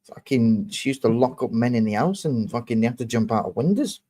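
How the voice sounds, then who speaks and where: A man's voice: medium pitch, expressive, fairly quick, mellow. A young man hosting a livestream, ranting angrily and swearing while confronting a commenter. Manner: angry, profane, confrontational. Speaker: livestream host. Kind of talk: heated livestream rant.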